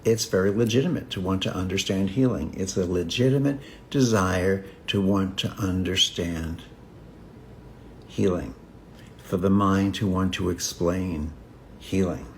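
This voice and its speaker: Man, lowish voice, spiritual teacher, slow contemplative phrasing, repeats himself, long pauses. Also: slight background noise. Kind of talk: reflective spiritual talk on a live stream.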